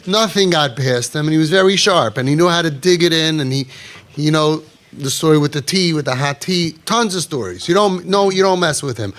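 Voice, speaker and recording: A middle-aged man preaching through stories, his voice sitting a little high. He talks animatedly, acts out short bits of dialogue, then sinks to a low, quiet murmur to land a point. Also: expressive, brisk. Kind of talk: storytelling sermon.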